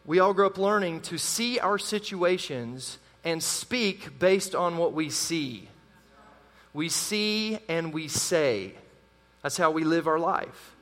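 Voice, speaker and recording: A man with a high voice preaches a sermon to his congregation. He keeps it animated and calls out to the listeners. A long reverb from the church hall trails his words. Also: measured pace, few pauses. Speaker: pastor.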